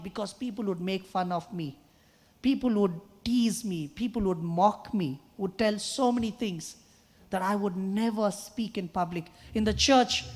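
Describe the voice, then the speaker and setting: A man with a high, soft voice often taken for a woman's, giving an earnest sermon-style talk at a youth choir festival. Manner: earnest, storytelling, with quoted refrains. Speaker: guest musician and speaker. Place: large hall at a choir festival. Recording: long hall reverb.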